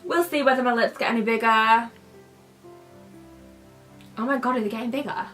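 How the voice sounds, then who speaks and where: A woman's voice: a little high, normal speed, fairly bright tone, faint music behind. A young British woman chatting casually while unboxing beauty products, playfully shifting her accent as she talks. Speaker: beauty vlogger.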